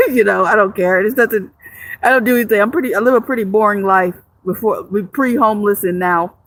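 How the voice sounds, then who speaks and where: During a relaxed livestream, a woman goes through viewer comments in a brisk, mid-range voice, recorded dry. She jokes around, swears without holding back, and rambles with frequent restarts.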